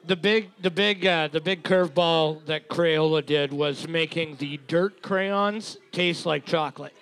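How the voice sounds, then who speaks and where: A man's voice: fairly high pitch, a little slow, a bit bright, smooth. A man co-hosting a live trivia night, joking and swearing in blunt banter with the host. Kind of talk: casual banter.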